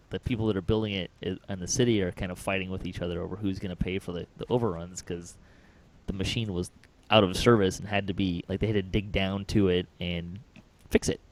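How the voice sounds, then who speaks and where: Low-voiced man telling a rambling story. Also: steady tone, fairly quick. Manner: rambling, chuckling storyteller with many fillers. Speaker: podcast host. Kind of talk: casual chat.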